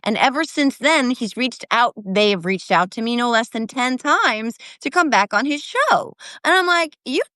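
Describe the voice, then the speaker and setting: A woman with a New Jersey accent chats on a live political show. Her voice sits fairly high. She talks in a lively, rapid way, laughing often. The sound is dry and close. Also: no echo. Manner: animated, quick, laughs often, jumps between topics. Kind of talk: casual live political chat.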